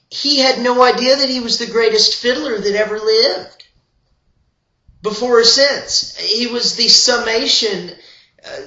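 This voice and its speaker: Older man telling a rambling tale, bright and high. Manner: meandering, full of digressions and asides. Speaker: storyteller and old-time fiddler. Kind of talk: rambling humorous storytelling. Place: at home. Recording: roomy, slightly dull home recording.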